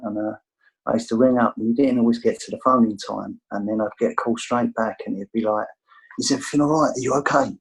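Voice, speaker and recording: This middle-aged Englishman, speaking with an English accent, talks a little fast in a lowish voice with little pitch movement and some vocal fry, captured on a low-quality recording. Over a video call, he candidly rambles through his recovery story, using many fillers in a casual storytelling style.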